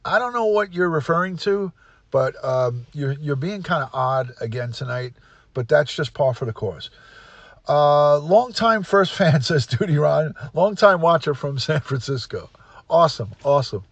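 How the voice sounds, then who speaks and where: A man's voice: fairly high pitch, normal speed, no room sound, highs cut off. A middle-aged man hosts a casual livestream, greeting viewers by name and place and giving blunt opinions. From United States. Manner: reads out viewer comments and greets them by place. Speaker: livestream host.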